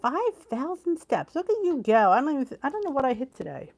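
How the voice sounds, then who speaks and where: Her voice sits high and sing-song, a little mellow, and she talks fast. She's a middle-aged weight loss channel host from the Philadelphia area with a Philly accent, chatting with viewers on a live stream and laughing a lot.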